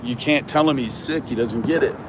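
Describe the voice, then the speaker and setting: Male vlogger, mid-pitched, unhurried and filler-heavy, phone mic on a noisy street. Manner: slow and rambling, many ums. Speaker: live-streaming vlogger. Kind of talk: casual live-stream chat. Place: outdoors and in a store.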